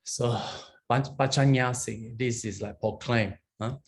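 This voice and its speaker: A man, teaching Pali grammar as a monastic teacher. He explains patiently, often checks in with "huh?" and "okay?", and chants Pali phrases slowly. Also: medium pitch, fairly even intonation.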